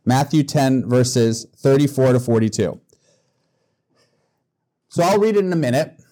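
Mellow-voiced, chatty guest preacher, a man. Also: mid-range voice, expressive, measured pace. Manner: conversational, joking, with small restarts. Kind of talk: sermon. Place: church.

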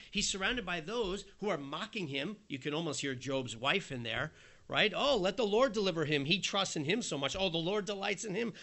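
In a fairly high voice, a man preaches an earnest, conversational sermon. He drops soft, then rises emphatic as he acts out the quoted voices.

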